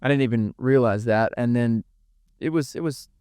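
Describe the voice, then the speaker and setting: A man's voice: medium pitch, normal speed, darkish tone, clean tone, no room sound, studio quality. A young man giving an earnest, emotional podcast interview, swearing freely and repeating words as he talks. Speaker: podcast guest. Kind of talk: candid emotional interview talk.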